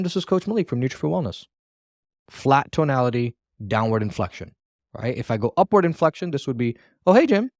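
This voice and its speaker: A man's voice: mid-range voice, no room sound. A man coaching new callers in a recorded training lesson, talking casually and repeating himself to drive points home. He acts out sample phone lines, lifting and dropping his tone to show the difference. The sound is dry and close, with no room around it. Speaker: sales trainer.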